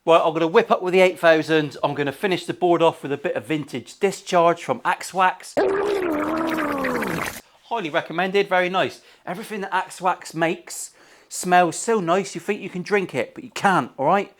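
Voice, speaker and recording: A man's voice: high voice, moderate pace, noisy background. A middle-aged man, a luthier chatting casually through a workshop vlog, full of swearing and jokey banter. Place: guitar workshop.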